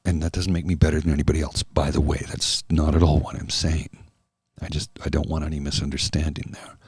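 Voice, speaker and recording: A man hosting a soft-spoken ASMR livestream, talking slowly and earnestly and answering viewers by name. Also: rumbling low, little pitch movement, husky, dry recording. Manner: slow, earnest and heartfelt, addressing viewers by name. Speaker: livestream host.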